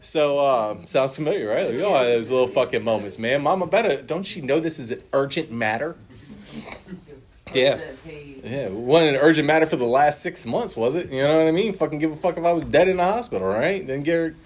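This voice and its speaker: This man in his forties talks a little fast, with a slightly high voice, while sharing his recovery story at a meeting. His telling is profane and animated, full of acted-out quotes and frequent laughter.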